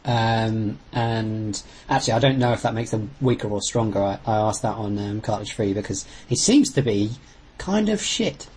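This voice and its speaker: A man co-hosting a podcast, talking football earnestly, pausing on fillers and sometimes venting. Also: lowish voice, little pitch movement, darkish tone, a little hiss or hum, low-quality recording. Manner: earnest, rambling, with sudden outbursts. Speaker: podcast co-host. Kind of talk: casual football chat.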